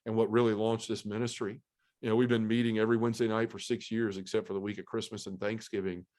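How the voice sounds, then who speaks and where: A man's voice: lowish voice, little pitch movement, quick pace, darkish tone. A middle-aged man giving an earnest, heartfelt personal testimony as a podcast guest, restarting his sentences as he goes.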